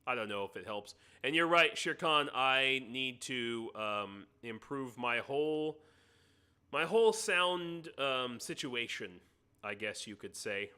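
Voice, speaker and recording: A man's voice: medium pitch, lively intonation, slow pace, sharp tone, smooth. An American man hosting a live stream, chatting casually and joking while he adjusts his sound setup. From United States. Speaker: livestream host. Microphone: computer mic on a live stream.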